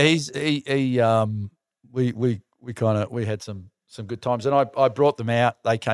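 A man's voice: lowish voice, no room sound, clean studio sound. A middle-aged Australian man, a podcast guest, telling stories in casual chat, laughing often and swearing easily. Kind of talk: casual storytelling.

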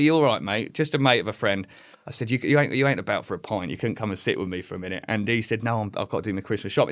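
A man, telling a raw personal story on a podcast, swearing freely and trailing off mid-sentence. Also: fairly low pitch. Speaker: podcast guest.

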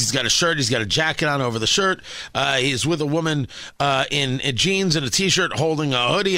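Man, talk radio host, lively swooping delivery, emphatic commentary, dry close sound. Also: a little high, no echo. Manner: animated, emphatic, with hesitant fillers.

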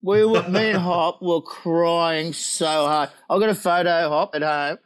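A man's voice: on the high side, steady tone, unhurried, clear, resonant tone. A man with an Australian accent telling pranks in casual chat, laughing often, swearing and acting out what others said.

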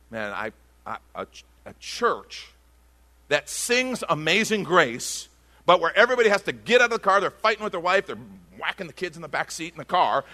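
A man preaching a sermon as pastor, conversational and passionate, with sudden loud bursts. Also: high voice.

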